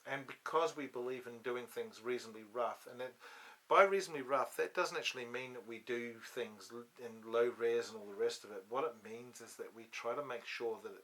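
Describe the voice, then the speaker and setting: A man's voice: medium pitch, brisk, few pauses, bright, forceful tone. A man hosting a casual studio chat, rambling with many restarts and ums, on a studio microphone. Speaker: host. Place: podcast studio.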